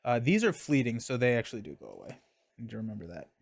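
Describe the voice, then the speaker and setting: A man's voice: mid-range voice, wildly swooping pitch, fast, gravelly, no room sound. A young man casually streaming a card game, talking through his moves and chatting with viewers. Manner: chatty, reads chat and thanks viewers mid-game.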